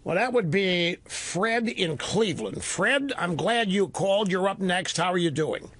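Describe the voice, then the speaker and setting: A man's voice: unhurried, husky, no room sound. A man in his sixties hosting a call-in radio talk show, talking in an emphatic, opinionated way. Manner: emphatic, animated, sweeping pitch swings. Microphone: studio microphone. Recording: dry close studio sound.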